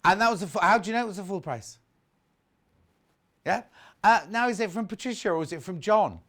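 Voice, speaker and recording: A man's voice: high voice, brisk, a bit bright. A man presenting a live TV shopping show, chatting casually and reading out viewer messages. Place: TV studio.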